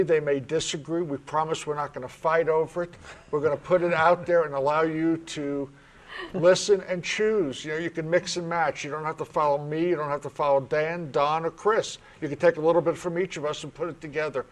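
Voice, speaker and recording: A man's voice: a little high, steady tone, a little fast. A man with a New York accent who hosts a spiritual talk show, chatting with his panel in a friendly, earnest way. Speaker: host.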